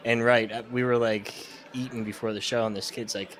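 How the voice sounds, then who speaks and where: A man's voice: mid-range voice, level tone, a little fast, a bit bright, a faint crowd. A man from Ohio with a Midwestern accent chatting on a podcast, blunt, with casual swearing. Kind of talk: casual chat.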